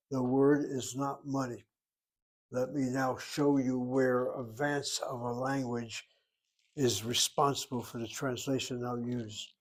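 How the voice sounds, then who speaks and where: A man teaching a relaxed class lesson, explaining grammar step by step and thinking aloud as he goes. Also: mid-range voice, low-quality recording. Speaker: Hebrew teacher. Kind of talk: informal recorded class lesson.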